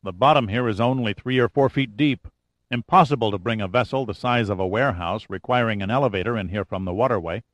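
Impatient no-nonsense pilot, narrator voicing him, firm and flat, dry sound. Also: male voice, fairly low pitch, fast talker, no echo, lightly acted. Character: impatient, matter-of-fact helicopter pilot, male.

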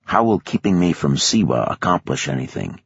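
Guy doing a sarcastic hostage, deep voice, dull dry audio. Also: sing-song, brisk, gravelly, slightly rough, no room sound, full character voice. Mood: defiant. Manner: sardonic, questioning. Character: defiant, wry male hostage.

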